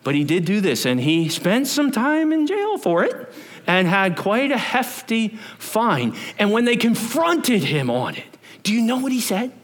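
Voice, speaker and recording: A man, a pastor, preaching a sermon in church, chatty and animated, bantering with the congregation and asking them questions. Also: high-pitched, a little slow.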